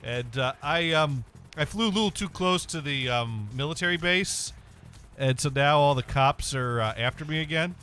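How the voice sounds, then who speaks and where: A man's voice: a little high, lively intonation, normal speed, sharp tone, faint music behind. Dry-joking man hosting a game stream. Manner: rambling, dry jokes, reads chat aloud. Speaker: streamer host. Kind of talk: casual gaming stream chat. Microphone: webcam and desk mic.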